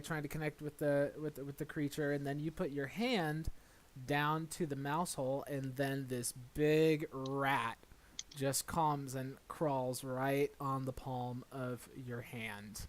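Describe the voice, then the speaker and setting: With a fairly high-pitched voice, a man guides a tabletop role-playing session as dungeon master. His narration is laid-back and hesitant, with fillers and restarts throughout.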